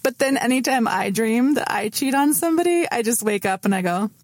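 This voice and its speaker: A woman's voice: on the high side, brisk, slight background noise. Chatty woman podcast co-host. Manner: chatty, animated storytelling with laughs. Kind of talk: casual chat.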